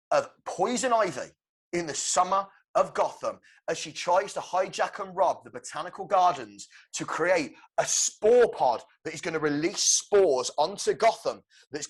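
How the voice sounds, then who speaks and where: A man co-hosting a podcast, excitedly pitching a film plot with swearing and shouted sound effects. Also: normal speed, breathy edge. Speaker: podcast co-host. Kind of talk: animated movie-pitch storytelling.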